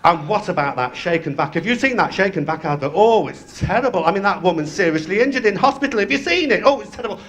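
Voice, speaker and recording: A man's voice: high voice, lively intonation, fast, few pauses. A man performing as a drag compere, telling crude, gossipy stories in brash live stand-up patter on a club stage. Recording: roomy live venue with loud music.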